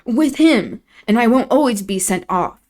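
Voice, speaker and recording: A woman's voice: a little high, moderate pace, pitched above the performer's own voice, natural voice. A woman doing a tearful, infatuated young girl. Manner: pleading, wounded.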